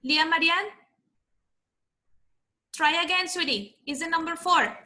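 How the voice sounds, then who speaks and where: High bright-voiced woman teaching kids english on a video call, patient, fixing how they say words. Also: unhurried. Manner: patient, coaches pronunciation and calls on pupils. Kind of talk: online class for children.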